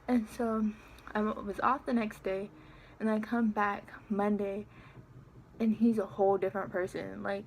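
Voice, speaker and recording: An eighteen-year-old woman casually telling a story on her vlog, chatty and animated as she acts out what was said. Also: mid-range voice, moderate pace, a little hiss or hum. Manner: chatty, animated retelling with quoted dialogue. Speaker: vlogger.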